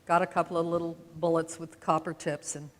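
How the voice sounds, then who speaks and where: A woman's voice: lowish voice, little pitch movement, brisk. A woman in her seventies from Utah, giving a folksy, conversational storytelling talk with self-deprecating humor from a stage. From American West, Utah. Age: 70s. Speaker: speaker. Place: stage in a large auditorium. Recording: long hall reverb of an auditorium.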